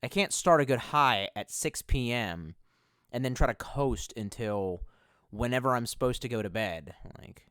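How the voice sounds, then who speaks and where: A man's voice: medium pitch, lively intonation, normal speed, a bit bright, clean tone, dry recording, clean studio sound. A man chatting casually and profanely on a livestream, rambling from one thought to the next with self-mocking asides. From United States. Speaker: streamer.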